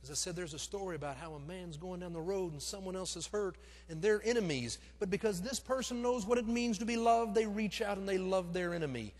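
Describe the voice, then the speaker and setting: Middle-aged pastor telling a lively story. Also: male voice, high-pitched, a little fast, few pauses, soft background music. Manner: animated, self-deprecating storytelling that acts out the scenes. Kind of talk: storytelling sermon. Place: church sanctuary. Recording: long reverb of a church sanctuary.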